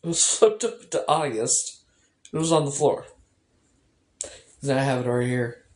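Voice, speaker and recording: A woman's voice: extremely low pitch, measured pace, a little mellow. A woman vlogging in casual personal chat, rambling and emotional, swearing often. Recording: echoey room.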